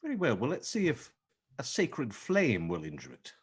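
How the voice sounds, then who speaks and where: A man's voice: medium pitch, wildly swooping pitch, moderate pace, slightly rough. A man playing a tabletop game who explains his moves hesitantly. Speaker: player. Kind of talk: casual game chat.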